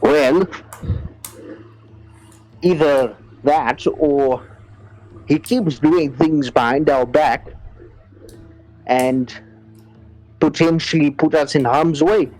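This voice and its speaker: A squeaky-voiced young man presses the group to share their secrets, as a man plays him in a tabletop game. He speaks slowly in a raised pitch. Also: darkish tone, low-quality recording. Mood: pressing. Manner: pressing, persuasive.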